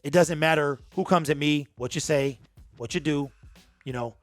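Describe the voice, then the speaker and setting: Speaking at a moderate pace in a slightly high voice, a man addresses viewers of his own sports channel. Faint music plays behind him with no room sound. His unedited monologue is raw, emphatic, earnest, emotional and full of repetition.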